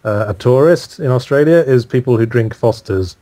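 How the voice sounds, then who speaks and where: A man's voice: medium pitch, expressive, a little fast, dark tone. Dry-witted Englishman with wry humor. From England. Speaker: podcast guest. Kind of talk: casual podcast chat. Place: home in Australia, remote call.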